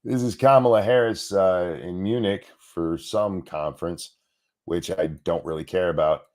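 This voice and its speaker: A man hosting a show, giving sarcastic, mocking commentary over news clips, his voice swinging between loud and soft. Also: low-pitched, steady tone, unhurried. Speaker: show host.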